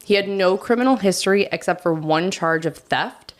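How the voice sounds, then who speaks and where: Chatty woman co-hosting a podcast, lower voice. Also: moderate pace. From United States. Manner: chatty, self-deprecating asides. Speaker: podcast co-host narrating the case. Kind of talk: casual true crime podcast narration.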